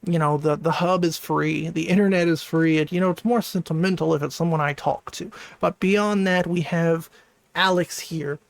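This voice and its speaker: A man's voice: fairly high pitch, fairly even intonation, normal speed, vocal fry. A man reading out screenshots and adding casual commentary as a channel host. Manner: casual, conversational asides. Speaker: commentary YouTuber.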